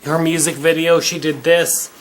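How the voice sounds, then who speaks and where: A man's voice: on the high side, level tone, moderate pace, a little hiss or hum. Drunk man in a crude cocky rant. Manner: crude, cocky, swearing constantly. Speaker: vlogger. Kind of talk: rambling profane rant to camera.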